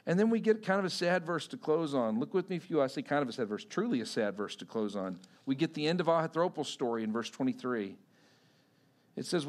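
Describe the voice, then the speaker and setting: A middle-aged man preaching a sermon, telling stories and swinging from hushed, near-whispered passages to shouted ones. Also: medium pitch. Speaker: pastor.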